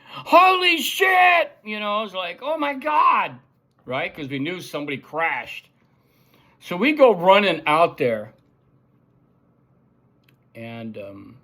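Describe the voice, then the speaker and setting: A middle-aged man casually telling an old army story, acting out gunfire sounds and shouts. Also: mid-range voice, breathy edge. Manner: animated, makes gunfire sound effects and acts out shouts. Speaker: show host telling a story.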